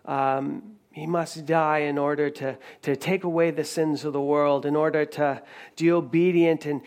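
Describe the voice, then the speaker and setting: A man's voice: a little high, fairly even intonation, unhurried, darkish tone. A man preaching a sermon in a conversational way, retelling a story with frequent restarts. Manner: conversational preaching with many restarts and retold dialogue. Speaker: pastor.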